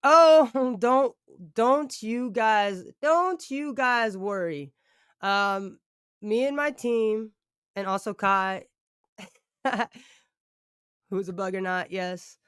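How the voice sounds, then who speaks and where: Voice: mid-range voice, extremely slow, pauses often, a bit bright, smooth, no room sound, clean studio sound. A livestreamer chatting casually with viewers, rambling and thanking them often.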